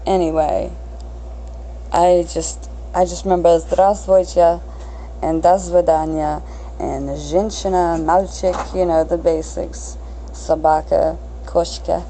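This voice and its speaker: A woman's voice: lowish voice, steady tone, slow, warm tone, slight background noise, rough recording. A woman in her thirties hosting an unscripted solo podcast, crass and blunt, swearing freely and mocking herself. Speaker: podcast host.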